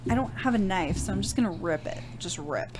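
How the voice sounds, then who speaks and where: A woman's voice: mid-range voice, lively intonation, brisk, a little mellow, pitched below the performer's own voice, lightly acted, poor audio. A woman playing a hungry woman stranded in the desert, dramatic and apologetic, in an improv scene. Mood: whiny. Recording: faint background noise.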